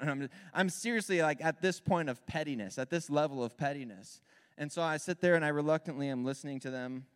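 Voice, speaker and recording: A man in his thirties, a worship leader telling a candid, animated personal story as part of a sermon. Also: a little high, brisk, smooth. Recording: long hall reverb.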